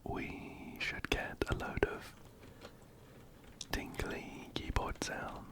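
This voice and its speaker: A man whispering gently up close into a binaural mic as an ASMR host chatting through a game. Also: extremely slow. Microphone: binaural ear-to-ear mic.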